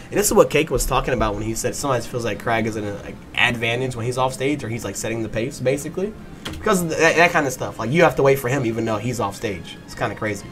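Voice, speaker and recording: A man giving a fast, excited play-by-play breakdown of a fighting game match, swearing and breaking into excited bursts. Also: medium pitch. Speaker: match analyst.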